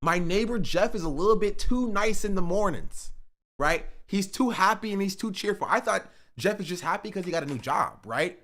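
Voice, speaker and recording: A man's voice: animated, normal speed, a bit bright. A man streaming live, chatting with his viewers and working up joking mock rants. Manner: joking, ranting bits that build in volume and pitch. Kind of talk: casual live-stream chat.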